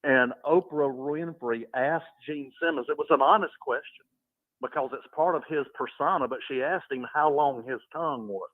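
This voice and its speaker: A man's voice: a little high, normal speed, no room sound, narrow, tinny audio. A man chatting casually on a talk show, telling funny stories in a laid-back way and laughing at them. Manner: laid-back storyteller, chuckles often. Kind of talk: casual chat.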